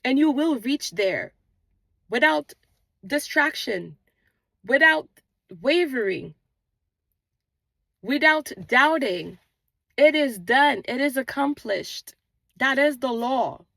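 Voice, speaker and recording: A woman with a fairly high, gravelly voice delivers a spiritual motivational talk, with an accent she points out herself. She talks in an earnest, repetitive preaching rhythm. The sound is dry and close, with almost no room echo. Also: animated, slow, long pauses, fairly bright tone. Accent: non-native English accent, origin unstated. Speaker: manifestation channel host. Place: outdoors on a morning walk.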